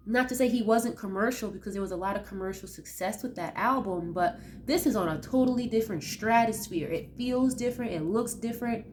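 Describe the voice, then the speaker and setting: A woman's voice: medium pitch, a little fast, few pauses, slight background noise. A woman reading tarot in a casual chat, talking loosely with many fillers, her voice nasal from allergies. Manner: chatty, loose, full of fillers and asides. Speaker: tarot reader.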